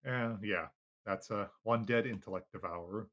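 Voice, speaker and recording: A bright, sharp-toned man runs a tabletop game over a video call. He narrates in an easygoing way, often padding his lines with fillers. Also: fairly low pitch, normal speed. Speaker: game master.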